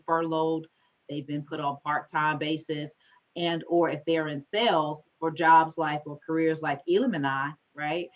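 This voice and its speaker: A woman financial advisor giving an animated conference talk, speeding up when she gets excited. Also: low-pitched, lo-fi sound.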